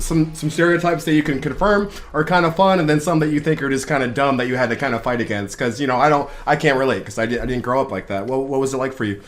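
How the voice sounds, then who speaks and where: A man hosting a casual interview, talking in halting, rambling sentences full of fillers and restarts. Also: a little high. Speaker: host of a hot wings interview parody.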